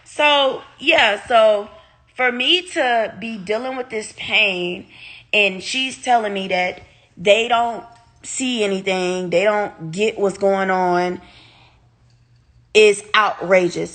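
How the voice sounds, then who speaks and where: A young woman, telling her viewers a story in a casual, animated, profane way. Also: mid-range voice, slow pace. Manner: animated, profane, talks straight to her audience. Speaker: vlogger.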